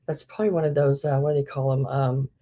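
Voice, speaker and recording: A woman's voice: extremely low pitch, fairly even intonation, fast talker, dark tone. A middle-aged woman hosting a live vintage sale, chatting casually with many fillers and laughing at herself. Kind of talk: casual live-stream selling.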